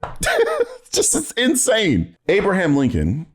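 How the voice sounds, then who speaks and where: Slow and slightly rough, this high male voice swings hugely in pitch as an American YouTuber reacts to a video. His commentary is casual and profane, sarcastic and exasperated, with frequent swearing and incredulous laughter.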